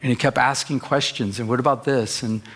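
A man's voice: medium pitch, fairly even intonation, brisk, fairly bright tone. A middle-aged male pastor preaching a sermon in an earnest, conversational way, telling personal stories.

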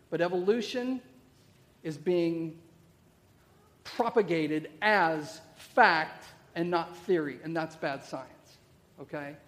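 Middle-aged pastor guy, high voice, sermon w lots of questions and "okay?"s, big echoey church. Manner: conversational preacher, rhetorical questions, frequent "okay?" check-ins. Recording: long reverb of a large hall.

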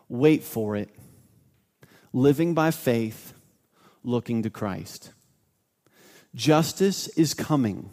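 A man's voice: medium pitch, expressive, a little slow, darkish tone. Emphatic male pastor preaching. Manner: emphatic, repeats key phrases. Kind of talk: sermon. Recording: long hall reverb.

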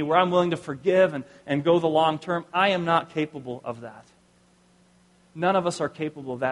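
A middle-aged male pastor shares a personal story during a sermon, speaking conversationally and often dropping into soft, low tones. The recording has a long reverb tail.

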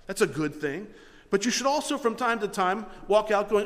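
A man's voice: high-pitched, lively intonation, normal speed, fairly bright tone, in a large hall. A middle-aged man preaching a sermon as pastor, earnest and emphatic, his volume rising and falling. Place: church hall with live congregation.

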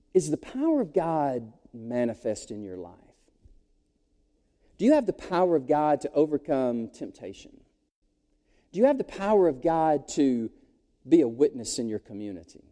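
Man pastor, high lively voice, dark tone, joking folksy sermon in a reverberant church. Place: church sanctuary. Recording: long reverb of a large hall.

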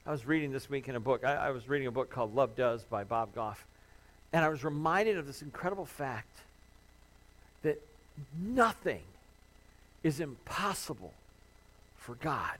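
A male pastor delivers a sermon in a somewhat high voice. He speaks earnestly, rising to impassioned emphasis as he voices the doubts of his listeners. His tone stays sincere throughout. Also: poor audio. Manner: voices imagined worshippers' pleas.

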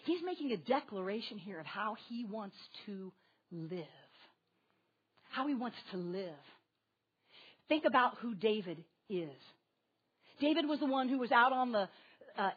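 A woman preaching a sermon to a congregation with children, animated and asking her listeners questions directly. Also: on the high side, husky, muffled recording.

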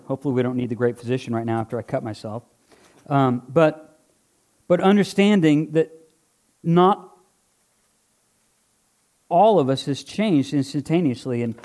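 Guy preaching a sermon at church, earnest but chatty, voice a bit on the high side. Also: darkish tone. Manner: conversational, earnest, joking with congregation. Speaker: pastor. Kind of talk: sermon with live object lesson. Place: church before a congregation.

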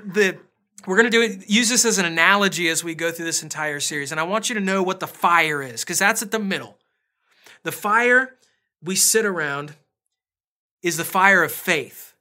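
A man's voice: high-pitched, sharp tone. A man pastor preaching a casual, conversational sermon, telling family stories with self-deprecating asides.

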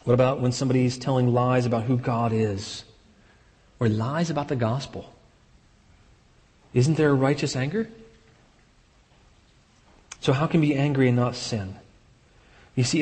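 A pastor preaching a sermon in an earnest way, repeating key phrases for emphasis. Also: male voice, medium pitch, darkish tone, in a large hall.

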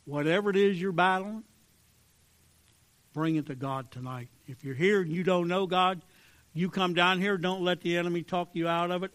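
A man preaching a fervent sermon, swinging between hushed pleading and loud emphasis. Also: sits high, steady tone, normal speed, dry recording. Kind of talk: sermon with altar call.

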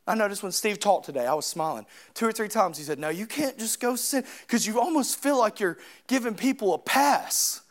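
High-voiced impassioned male preacher. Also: expressive, a little fast, few pauses. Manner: impassioned, swings from quiet to shouting. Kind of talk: sermon.

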